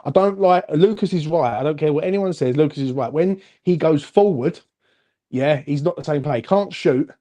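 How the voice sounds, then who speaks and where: A man co-hosting a casual football fan chat, animated and chatty, calling everyone "mate". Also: fairly high pitch, moderate pace. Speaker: fan channel co-host.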